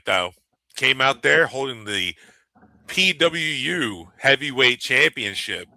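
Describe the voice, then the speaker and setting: Gravelly, bright-toned man chatting. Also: medium pitch, no echo, poor audio. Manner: animated, laughs often, rambling. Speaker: wrestling podcast co-host. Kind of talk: casual chat.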